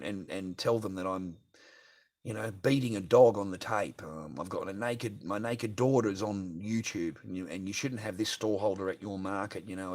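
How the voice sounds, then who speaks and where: Profane ranting man. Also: lowish voice. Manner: profane, ranting, keeps asking "right?". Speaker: livestreamer. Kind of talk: unscripted livestream rant.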